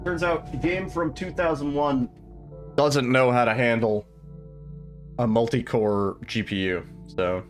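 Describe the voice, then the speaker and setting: A man's voice: medium pitch, measured pace, soft background music. Guy streaming from home, just rambling to chat before his run, swears a bit, super chill. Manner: rambling, relaxed, casually profane, answers chat. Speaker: livestreamer and speedrunner. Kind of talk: casual livestream chat.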